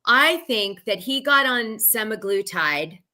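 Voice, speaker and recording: A woman's voice: fairly high pitch, lively intonation, slow pace, sharp tone. A woman hosting a casual gossip livestream, talking in a chatty way with lots of "like" fillers. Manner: chatty, heavy use of "like" fillers. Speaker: show host.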